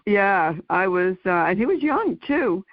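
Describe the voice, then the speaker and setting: A woman's voice: medium pitch, very animated, unhurried, no room sound. A woman in her sixties hosting an interview, chatting casually with fillers and laughs. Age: 60s. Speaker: interview host. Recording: dull lo-fi dry sound.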